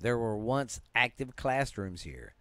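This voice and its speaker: A man's voice: medium pitch, very animated, measured pace, a bit bright, no room sound. A man with a Southern US accent, hosting a podcast and casually reading ghost stories aloud, often stumbling and restarting words in a laid-back, yawning way. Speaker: podcast host.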